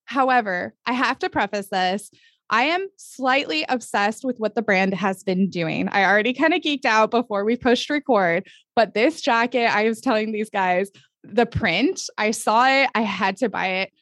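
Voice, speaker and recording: A woman hosting a podcast interview, gushing and enthusiastic, talking in quick bursts with frequent laughs. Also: fairly high pitch, a bit bright, no echo, studio quality. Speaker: podcast host. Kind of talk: upbeat casual interview.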